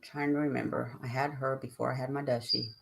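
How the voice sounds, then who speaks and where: A woman's voice: rumbling low, little pitch movement, fairly quick, creaky, breathy edge. An older woman hosting a live stream, chatting casually and ramblingly with her viewers and answering their comments.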